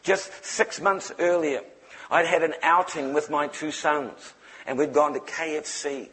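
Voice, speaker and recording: Kiwi preacher guy telling a funny testimony, fairly high voice, lively delivery. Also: unhurried. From New Zealand. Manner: animated, humorous storytelling. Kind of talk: testimony sermon.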